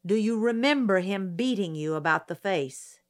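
A woman's voice: medium pitch, animated, moderate pace, close to an everyday voice. A woman reading an audiobook, voicing a middle-aged male lawyer who questions a witness patiently in a dry, detached way. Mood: measured, persistent.

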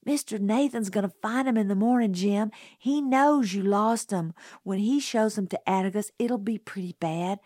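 A woman's voice: mid-range voice, moderate pace, hardly any pauses, mellow, no echo, clean studio sound, voice pushed up, natural voice. A woman voicing an anxious young girl in an audiobook, pleading and pressing hard. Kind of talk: audiobook character voice.

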